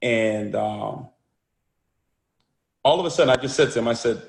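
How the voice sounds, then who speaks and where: Energetic man, roomy echo. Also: medium pitch, normal speed, creaky. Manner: energetic, repeats words and restarts phrases. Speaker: motivational speaker. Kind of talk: motivational talk with storytelling.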